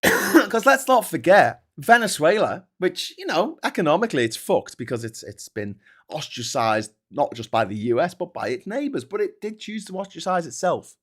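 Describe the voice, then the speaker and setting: A British man hosts a loose political commentary show, his voice sitting high for a man. He swears freely and mocks his targets with taunting sarcasm, his delivery easy and conversational. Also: sing-song, normal speed, fairly bright tone. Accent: British English. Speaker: host.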